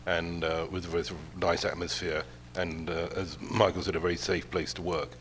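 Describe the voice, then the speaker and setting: Older producer guy, really deep voice, slow halting answers, faint hiss behind. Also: level tone, fairly bright tone. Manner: halting, measured, with many fillers. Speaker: film producer. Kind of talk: panel discussion answers. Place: film festival panel stage.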